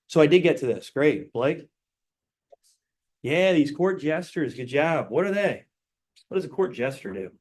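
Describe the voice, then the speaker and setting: A male teacher with a slightly high, somewhat mellow voice gives a casual classroom lecture, regularly checking in with "right?". The recording sounds roomy, with the mic far away.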